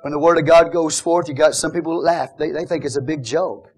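A man preaching a Pentecostal sermon, moving between fervent shouted praise and quieter teaching. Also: a little high, steady tone, fairly quick, breathy edge.

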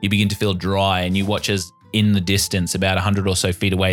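A man's voice: low voice, little pitch movement, fast talker, hardly any pauses, fairly bright tone, faint music behind. A man narrating a tabletop game as game master, describing scenes vividly.

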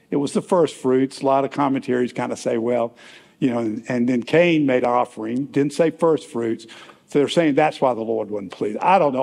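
A man's voice: mid-range voice, creaky, a little mellow, breathy edge, big-room sound. A man preaching a conversational sermon in a church, rambling a little and asking the congregation questions. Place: church sanctuary.

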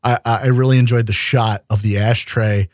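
A man's voice: fairly low pitch, fairly even intonation, moderate pace, no echo, clean studio sound. A man co-hosting a casual podcast chat, joking and swearing often. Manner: profane, jokey, laughs often. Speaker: podcast co-host.

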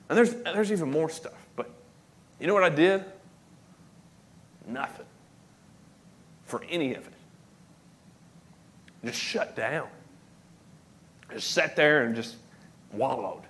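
A man's voice: on the high side, lively intonation, measured pace, long pauses, fairly bright tone. A man in his thirties, an associate pastor, preaching a sermon in a church, moving from casual, self-deprecating stories to emphatic preaching. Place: church sanctuary.

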